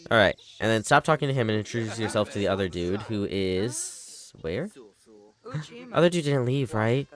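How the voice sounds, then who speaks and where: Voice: mid-range voice, expressive, normal speed, a crowd in the background. A livestreamer giving casual running commentary on a game, chattily bossing the characters around. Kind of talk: casual live gameplay commentary.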